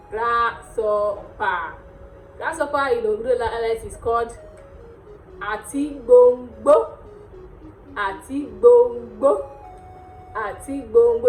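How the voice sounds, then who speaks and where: A Nigerian woman hosting a casual language lesson, repeating words slowly and laughing often. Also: a little high. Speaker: dialect teacher and channel host. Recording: echoey room with faint music.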